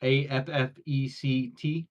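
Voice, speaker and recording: A man's voice: medium pitch, little pitch movement, slow. An American man co-hosting a livestream in casual chat, rambling with lots of restarts and filler words. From United States. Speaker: co-host of a blacksmithing livestream. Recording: dull lo-fi livestream audio.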